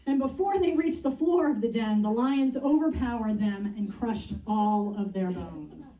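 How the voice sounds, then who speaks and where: Speaking a little slowly in a slightly high voice with a dark tone, a woman pastor delivers a sermon. She reads and explains scripture earnestly and conversationally, recorded from a distance in a church sanctuary with roomy sound.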